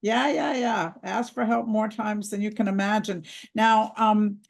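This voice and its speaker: Host with a gravelly creaky voice, middle pitch, asks reflective questions and agrees a lot. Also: fairly even intonation, measured pace. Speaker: interview host. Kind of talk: interview questions.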